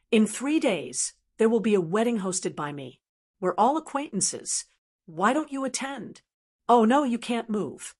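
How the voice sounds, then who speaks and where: A haughty male sect master speaks with icy contempt, sneering and threatening his prisoner, as a woman reads him in an audiobook. The voice sits at an ordinary middle pitch. It sounds like a storybook villain told through narration rather than a full character performance.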